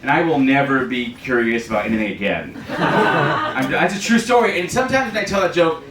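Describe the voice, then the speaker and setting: A young man doing a stand-up set, self-deprecating with dark jokes and loud shouted punchlines. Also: mid-range voice, expressive, brisk, far from the mic, very noisy. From New York City. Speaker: stand-up comedian. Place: comedy club stage, live crowd. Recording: roomy live club audio with crowd laughter.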